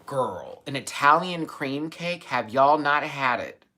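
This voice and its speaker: A man hosting a casual live stream, gushing and chatty, with sudden high squeals of excitement. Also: takes it slowly, slight background noise. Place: home, in Los Angeles.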